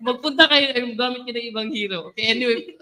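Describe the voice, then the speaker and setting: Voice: medium pitch, brisk, pushed and bright, slight background noise, low-quality recording. A young adult Filipino speaker giving a chatty, playful talk at a student orientation, laughing often. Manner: chatty, playful, mixes English and local phrases, laughs often.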